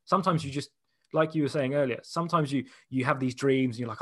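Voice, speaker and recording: A man's voice: medium pitch, fast talker, no echo, clean studio sound. Chatty young Englishman with restarts. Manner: chatty and animated, loose with many "like"s and restarts. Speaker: interview guest. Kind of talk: casual conversational interview.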